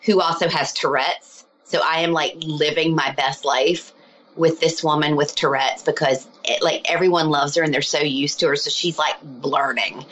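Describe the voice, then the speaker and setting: Woman guest, healer, lowish voice, animated chatty storyteller full of fillers. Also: moderate pace, a little hiss or hum, poor audio. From lives abroad, not local. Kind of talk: casual storytelling interview.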